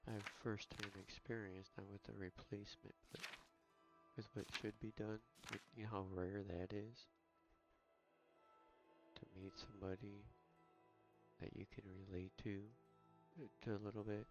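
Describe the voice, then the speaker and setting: Gravelly, exasperated gamer man over music. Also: on the low side, level tone, normal speed, pauses often. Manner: exasperated, stammering, repeats himself. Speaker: gamer streaming a playthrough. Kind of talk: casual gameplay commentary. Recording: loud game music under the voice. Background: game music.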